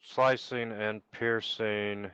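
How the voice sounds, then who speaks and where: Slow, smooth-voiced male game master. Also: on the low side, steady tone, pushed and bright, no echo, highs cut off. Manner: unhurried, thinks aloud with ums while checking rules. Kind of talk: running an online tabletop game.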